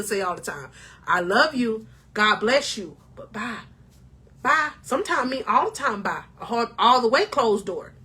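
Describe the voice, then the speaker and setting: Bright high-voiced woman life coach. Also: slightly rough. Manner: emotional, preachy, addresses viewers as king or queen. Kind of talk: motivational talk to camera.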